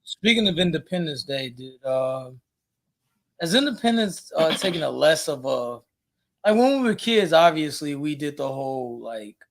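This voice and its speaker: A podcast co-host in casual chat rambles hesitantly, filling his speech with lots of fillers. His voice is on the high side, with lively intonation and a moderate pace.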